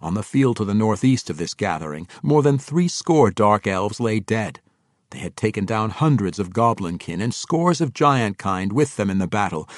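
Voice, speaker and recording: A man narrating a fantasy audiobook in an expressive storytelling manner on a close microphone. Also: fairly low pitch, no echo. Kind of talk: scripted narration.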